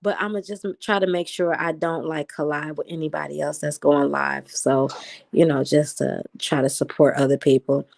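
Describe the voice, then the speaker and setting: A woman hosts a relaxed late-night livestream from home and answers her viewers' comments as they come in. Her natural speaking voice sounds excited and animated even when she is just chatting. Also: sits low, normal speed, gravelly. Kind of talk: casual live chat, reading viewer comments.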